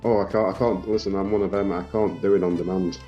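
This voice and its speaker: A man's voice: low voice, steady tone, fast talker, mellow, muffled recording, soft background music. A man chatting casually during a game over voice chat, bantering, repeating himself and swearing. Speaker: gamer on voice chat. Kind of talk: casual chat while gaming.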